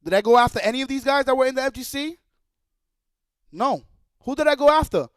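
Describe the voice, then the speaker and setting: A man's voice: very high voice, animated, fairly quick, clean tone, dry recording. A man streaming live, ranting in a profane, heated and repetitive way. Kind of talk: livestream rant.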